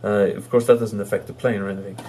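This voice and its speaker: Halting, amused man with a low voice. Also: little pitch movement, mellow, slight background noise. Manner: halting, full of fillers and restarts; amused, chuckles while recounting jokes. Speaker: movie reviewer. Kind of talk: casual spoken movie review.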